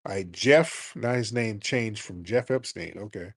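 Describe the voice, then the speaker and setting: Husky, lowish and a little slow, a male call-in show host teases and grills his callers in a brash, blunt manner. The sound is dry and close, with no echo or room around it.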